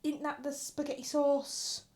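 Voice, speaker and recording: This young woman talks casually in a slightly higher voice. She tells stories and acts out the quotes, swearing often as she goes. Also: flat delivery, measured pace, darkish tone. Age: 20s. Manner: storytelling with acted-out quotes, frequent swearing. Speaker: podcast co-host. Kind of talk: casual chat.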